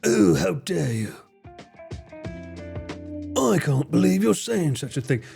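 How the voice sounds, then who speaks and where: Scandalized posh man, as a man puts him on, slow indignant speech, mellow voice. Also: on the high side, big pitch swings, gravelly, soft background music, full character voice. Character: prim offended posh man, easily scandalized.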